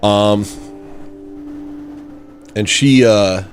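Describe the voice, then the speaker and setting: A man hosting a satirical livestream, telling stories in a sarcastic, deadpan way from a room at home. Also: lowish voice, very slow, soft background music. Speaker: livestream host.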